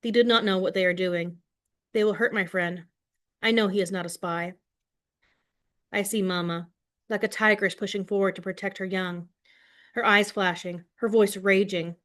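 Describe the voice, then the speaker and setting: A woman teacher reading a novel aloud to her class in an expressive way, then setting questions for the class. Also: mid-range voice, moderate pace, pauses often. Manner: expressive read-aloud, voicing quoted lines with more force.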